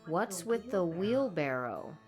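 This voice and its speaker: A woman's voice: lowish voice, big pitch swings, slow pace. A snarky teenage girl. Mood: sarcastic. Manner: mocking, eye-rolling put-downs. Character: sarcastic bored teenage girl. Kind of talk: video game voice acting. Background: faint game music.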